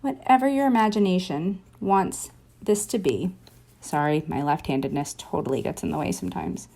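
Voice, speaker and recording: A woman's voice: on the low side, moderate pace, vocal fry, dark tone. Chatty woman teaching a drawing lesson. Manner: chatty and encouraging, thinks aloud while sketching. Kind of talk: casual drawing tutorial.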